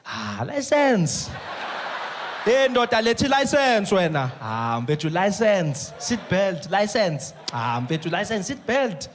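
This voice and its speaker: A man's voice: on the high side, very animated, unhurried, hardly any pauses. A man with a South African accent voicing a laid-back male driver who laughs his way past a traffic cop in local slang. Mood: easygoing. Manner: easygoing, laughing, sing-song local slang. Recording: noisy live stage recording.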